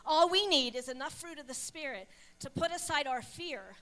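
A middle-aged woman with a high, bright voice tells a personal testimony. She tells it like a story, acting out what people said along the way. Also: moderate pace. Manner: animated storytelling with acted quotes. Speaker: pastor's wife. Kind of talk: testimony sharing.

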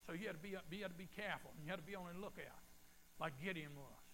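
Older preacher, folksy and high. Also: male voice, quick pace, fairly bright tone, slight background noise, poor audio. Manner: folksy, storytelling preacher with rising, emphatic calls. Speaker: pastor. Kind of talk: sermon. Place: church.

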